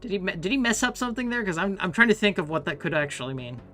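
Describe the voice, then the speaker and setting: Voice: mid-range voice, big pitch swings, very fast, pushed and bright, soft background music. Casual rambling gamer streamer. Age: 30s. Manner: loose and rambling, swears, laughs often. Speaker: streamer playing an online game. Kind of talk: casual chat while gaming.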